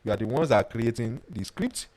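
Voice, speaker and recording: A man, a life coach teaching a webinar and telling personal stories in an animated way. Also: mid-range voice, brisk, poor audio. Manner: animated storyteller who reads out viewer comments.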